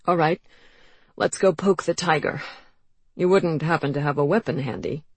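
Woman voicing a hoarse, grim young man. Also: deep voice, normal speed, no echo. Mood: wry. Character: grim, shivering young male writer. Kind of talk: audiobook character voice.

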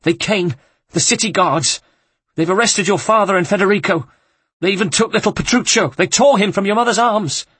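A man voicing a feisty middle-aged housekeeper woman, crying out in high panicked bursts. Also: normal speed, fairly bright tone, slightly rough, no echo. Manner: high shrill panicked cries.

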